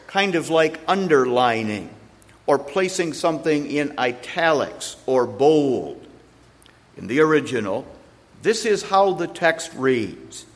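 A man preaching an expository sermon, slow and deliberate, pausing between phrases and leaning hard on single words. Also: medium pitch. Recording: long hall reverb.

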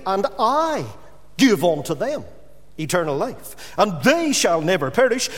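Man, preacher, sermon, high voice, swooping intonation, emphatic hushed drops. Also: long reverb tail. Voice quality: emphatic, with drawn-out stressed words and sudden drops to a hush.

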